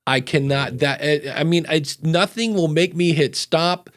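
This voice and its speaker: A man's voice: a little high, a little slow, a bit bright. A man hosting a podcast, reading out chat comments and chatting casually with many fillers. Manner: loose and rambling, many fillers. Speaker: podcast host.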